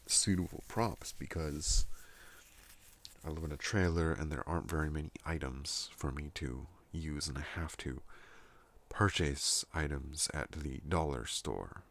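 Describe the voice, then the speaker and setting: A man hosting a soft-spoken ASMR channel, rambling at home in a soothing, unhurried monologue. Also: extremely low pitch. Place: at home in a trailer.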